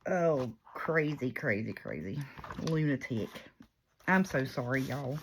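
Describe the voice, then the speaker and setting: A paper crafter and YouTuber chats casually as she crafts, rambling and making fun of herself like a chatty storyteller. Her voice is low and animated, a little slow. Slight background noise can be heard.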